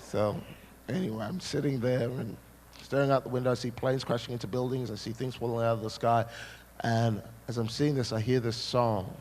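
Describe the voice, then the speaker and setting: A man from Scotland preaching to a large seminar crowd, lively and storytelling, driving each point home by repeating it and breaking into playful asides. His mid-pitched voice rings through a big reverberant hall. Faint background noise runs underneath. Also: moderate pace. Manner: animated storyteller, punchy repetition, jokey asides to the crowd. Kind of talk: sermon.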